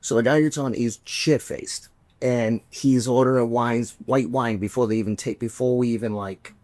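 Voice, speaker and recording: A male podcast host in the middle of a casual, swear-laden story, jumping into the voices of the people he describes. His voice sits at a middle pitch. The sound is close and dry. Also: moderate pace, no echo. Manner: animated, profane, acts out quoted voices.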